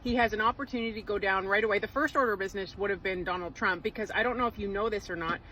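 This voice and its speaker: Woman ranting in a vlog, bright punchy voice, sarcastic and emphatic. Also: mid-range voice, racing, a little hiss or hum, rough recording. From Canada. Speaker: political commentator. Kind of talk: political commentary vlog.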